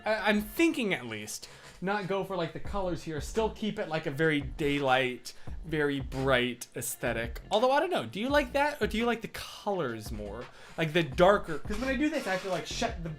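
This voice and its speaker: A man's voice: fairly high pitch, a bit bright. A young man hosting a casual live stream from his room, reading viewer comments and rambling with lots of restarts. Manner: rambling and chatty, full of restarts and fillers. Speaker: livestream host. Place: home room with a whiteboard.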